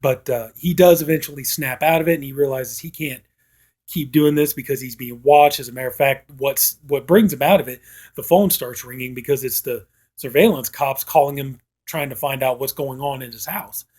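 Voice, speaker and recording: A man reviews a film casually, rambling and leaning heavily on "you know" as filler while acting out lines quoted from it. His voice is mid-range with a darkish tone, at normal speed.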